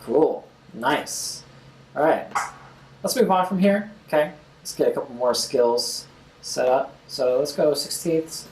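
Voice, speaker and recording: A man's voice: medium pitch, lively intonation, slow, reverberant, background noise. A young man hosting a casual screen-recorded music tutorial, talking as he clicks and scatting drum rhythms aloud.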